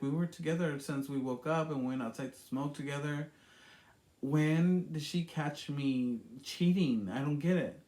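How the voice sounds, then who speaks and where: A man's voice: mid-range voice, darkish tone. A man telling a personal story in a rambling, emotional way, with many fillers and repeated words. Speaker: vlogger. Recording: echoey room.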